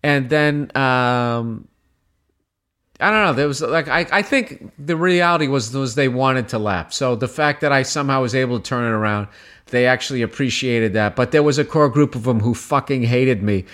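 Profane, animated comedian telling a story. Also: male voice, moderate pace. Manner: animated, profane, jumps in pitch when quoting people. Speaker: stand-up comedian. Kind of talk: casual storytelling conversation.

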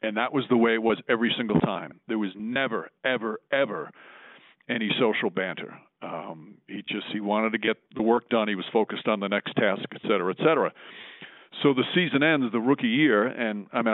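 Brief: measured male broadcaster, lowish voice, dry phone-quality audio. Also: no room sound. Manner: measured, fills pauses with "um". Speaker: sports broadcaster, guest. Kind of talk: casual storytelling.

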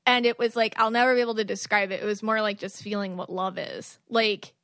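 A woman's voice: medium pitch, little pitch movement, fairly quick, fairly bright tone, dry recording, studio quality. A woman hosting a podcast, asking questions in a rambling way while searching for words. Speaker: podcast host. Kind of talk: casual podcast conversation.

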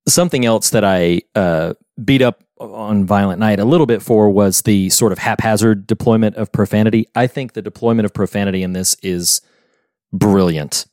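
A man co-hosting a casual movie podcast, animated, laughing often and acting out quotes. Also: lowish voice, a little slow, no echo, clean studio sound. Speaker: podcast co-host. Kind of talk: casual movie review chat.

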